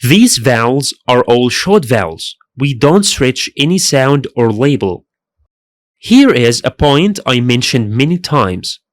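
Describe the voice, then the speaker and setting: A man's voice: medium pitch, sing-song, slow, dry recording. A man teaching a pronunciation lesson in careful scripted narration, repeating each sound twice. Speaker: language teacher.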